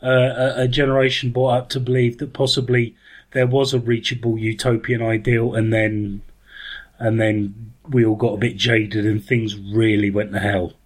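A man's voice: on the low side, flat delivery, moderate pace. A man co-hosting a podcast in casual chat, wry and self-mocking, rambling through his points. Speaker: podcast co-host.

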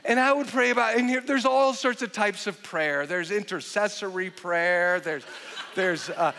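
A man in his forties preaching a sermon as a pastor, animated and joking, with frequent restarts. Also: high-pitched, normal speed. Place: large church hall. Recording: long hall reverb.

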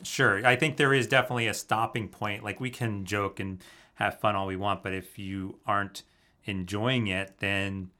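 A man's voice: on the low side, fairly even intonation, normal speed, sharp tone. A man co-hosting a podcast in casual chat, agreeable, thinking aloud and dropping in "sure" and "right". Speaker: podcast co-host.

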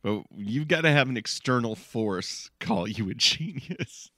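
A man's voice: mid-range voice, expressive, a little slow, bright, forceful tone, no room sound, clean studio sound. Chuckling male podcast co-host. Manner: laughs between words. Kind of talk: casual chat.

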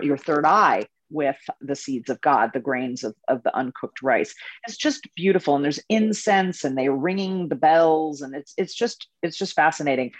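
A woman spiritual coach and tour leader telling stories in a casual interview, animated and laughing often. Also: sits low, no echo, rough recording.

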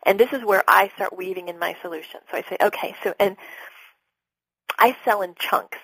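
A middle-aged woman, a business coach being interviewed, talking in an animated way and acting out her sales calls. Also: mid-range voice, quick pace, husky, no echo, low-quality recording. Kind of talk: podcast interview talk.

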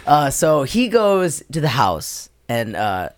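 A man's voice: fairly high pitch, sing-song, takes it slowly, no room sound, clean studio sound. A man casually telling a secondhand story to friends, rambling and laughing as he goes. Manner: rambling, laughs through his own story. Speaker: podcast co-host.

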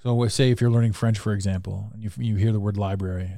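A man's voice: fairly low pitch, steady tone, quick pace, vocal fry, mellow, no echo, clean studio sound. A man hosting a podcast, giving a frank, earnest motivational monologue and swearing casually. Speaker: podcast host.

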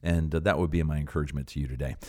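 Man, middle-aged, very low voice, earnest encouraging podcast host, filler-heavy casual talk. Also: steady tone, rapid-fire, warm tone, dry recording.

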